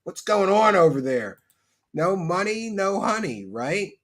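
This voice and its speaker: A man's voice: sits high, very animated. A man hosting a livestream, reading chat aloud and joking with mock rants. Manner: mock-ranting, joking, quick to laugh. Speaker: livestream host.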